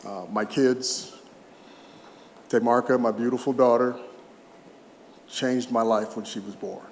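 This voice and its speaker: A man's voice: mid-range voice, steady tone, slow pace, pauses often, a little hiss or hum. Man around 60 giving a heartfelt speech in an echoey hall. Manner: emotional, humorous storyteller who chokes up at times. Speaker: retired baseball player giving an awards speech. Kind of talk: heartfelt public speech with anecdotes. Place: large event hall. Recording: echoey hall, faint ambience.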